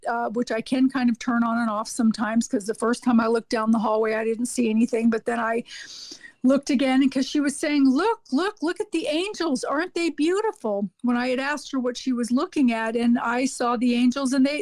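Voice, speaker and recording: A woman with a high, light voice tells earnest stories as a podcast guest, circling back with ums and repeated words as she goes. The sound is close and dry, with no room around it. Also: darkish tone, no echo. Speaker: podcast guest, hospice nurse. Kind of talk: casual podcast conversation.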